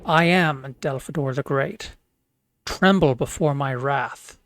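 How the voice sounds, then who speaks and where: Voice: mid-range voice, takes it slowly, vocal fry. A streamer voicing an old, commanding wizard while reading game dialogue aloud, grave and stately.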